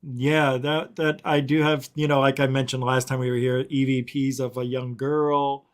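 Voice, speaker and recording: A man's voice: medium pitch, flat delivery, normal speed. A man guest on a casual chat show, eagerly explaining his recordings in a chatty way.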